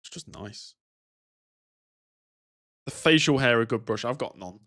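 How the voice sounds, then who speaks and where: A man's voice: mid-range voice, animated, unhurried, a bit bright. A man streaming a racing game, chatting in a rambling, wry way. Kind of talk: casual live-stream chat while gaming.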